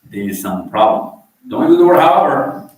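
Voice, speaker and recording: A man's voice: mid-range voice, sing-song, moderate pace, darkish tone. A man with a Pakistani accent, giving a teasing, provocative talk in a mosque and quizzing the crowd. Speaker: guest speaker. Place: large echoey mosque hall. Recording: echoey hall from far off.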